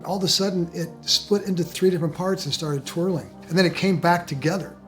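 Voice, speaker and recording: Brief: rapid-fire man, slightly high voice, excited storyteller, faint music behind. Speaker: interviewee. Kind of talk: documentary interview recounting a sighting.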